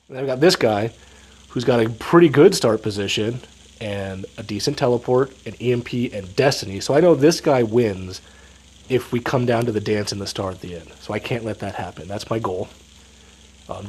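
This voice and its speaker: A man's voice: medium pitch, a little mellow, breathy edge, poor audio. A man with a stuffed-up, sniffly voice gives casual gameplay commentary, explaining each move step by step. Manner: analytical, explaining moves step by step. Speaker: strategy game commentator.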